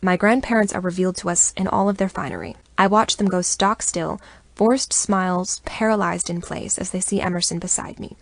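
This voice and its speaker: Low-voiced woman narrating an audiobook. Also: a little fast. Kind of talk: first-person audiobook narration.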